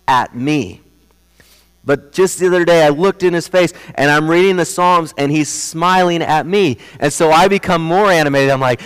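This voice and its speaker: A young adult man preaching a sermon as pastor, earnest, and moving from quiet storytelling to animated emphasis. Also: fairly high pitch, moderate pace, smooth. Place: church sanctuary. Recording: long hall reverb.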